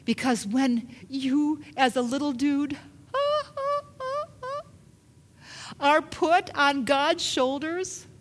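A woman's voice: sits high, sing-song, very slow, noisy background. A woman pastor preaching a sermon, emphatic, with repeated rhetorical questions.

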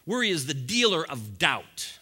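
Bright-voiced preaching man. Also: fairly high pitch, very animated, moderate pace, breathy edge. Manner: preaching with rising bursts and chuckles. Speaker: pastor. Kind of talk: sermon.

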